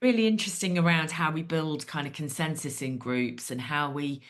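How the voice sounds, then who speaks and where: Low-voiced woman hosting a podcast. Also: normal speed. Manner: thoughtful, hedging with many fillers. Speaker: podcast host. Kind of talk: conversational podcast interview.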